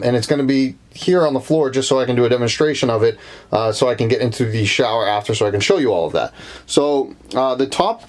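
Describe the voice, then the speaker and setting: A man's voice: medium pitch, slight background noise. Rambling Boston-accented young man. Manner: rambling, lots of uh and um, self-correcting. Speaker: van life vlogger. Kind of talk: casual vlog walkthrough. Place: inside a van.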